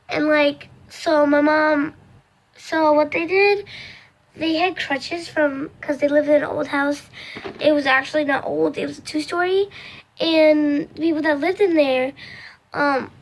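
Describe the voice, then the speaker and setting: A young woman vlogger telling a storytime in casual, rambling chat, full of "like" and acting out the quoted voices in loud, high bursts. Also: fairly even intonation, measured pace. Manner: rambling, filler-heavy storytelling with many "like"s.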